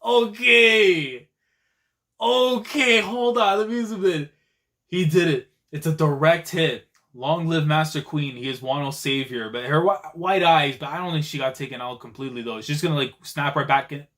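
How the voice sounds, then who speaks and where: Male reaction host, fairly high voice, slangy and excitable, for casual live commentary on a manga chapter. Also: moderate pace. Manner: excitable and slangy, with frequent exclamations.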